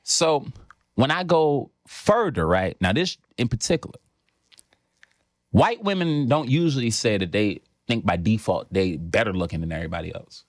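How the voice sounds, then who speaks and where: Animated, profane young New York man. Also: lowish voice, moderate pace, dry recording, clean studio sound. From New York City. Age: young adult. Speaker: comedian guest. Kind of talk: casual podcast chat.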